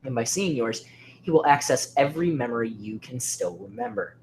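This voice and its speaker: A man narrating a creepy horror story with dramatic delivery, often sinking to a hushed near-whisper. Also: mid-range voice, animated, moderate pace, slight background noise.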